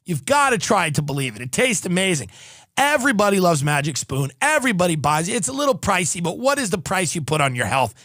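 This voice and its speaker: A man's voice: high voice, big pitch swings, fast talker, fairly bright tone, dry recording. A male podcast host doing a rambling, sarcastic comedic ad read, full of profanity.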